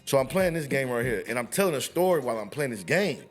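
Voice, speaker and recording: An animated man co-hosts a casual sports talk show, swearing freely as he tells stories. His pitch swings widely as he talks, and he laughs often. Faint music sits under his voice. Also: fast. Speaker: podcast co-host.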